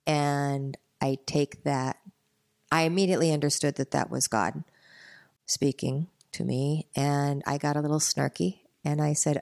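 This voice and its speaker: Low-voiced woman telling a personal story. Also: fairly even intonation, a little mellow. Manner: earnest, reflective, with pauses and repeated words. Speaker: guest, gymnastics coach.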